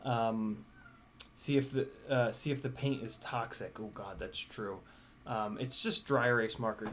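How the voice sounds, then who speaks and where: A man's voice: mid-range voice, fairly even intonation, unhurried, a bit bright. A man chatting casually on a live Q&A stream, laughing often, swearing and scolding his cat. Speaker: drone streamer. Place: home room with glass doors.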